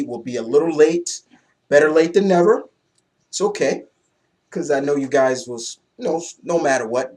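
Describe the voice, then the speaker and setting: A young man giving a casual, excitable comic book review, loose and swearing freely. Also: mid-range voice.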